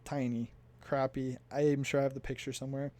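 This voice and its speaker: A man's voice: medium pitch, flat delivery, brisk, a little mellow. A young man from the United States casually telling a story for his vlog, chatty and laughing as he recounts. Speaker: vlogger.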